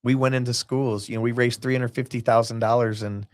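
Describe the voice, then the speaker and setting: A man's voice: medium pitch, steady tone, fairly quick, no echo. A man in a casual podcast chat who rambles from tangent to tangent, acting out what people said. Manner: rambling storyteller, jumps between tangents, acts out quotes. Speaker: guest, basketball team owner.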